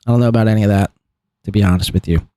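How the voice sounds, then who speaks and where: A man's voice: on the low side, steady tone, racing, mellow, clear, resonant tone, no echo, clean studio sound. A man hosting a live podcast, rambling through clip commentary with lots of fillers and laughs. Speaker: podcast host.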